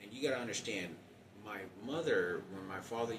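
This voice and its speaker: A man in his forties talking in a halting, rambling personal monologue with many restarts. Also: lowish voice, lively intonation, reverberant, distant mic, noisy background. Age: 40s.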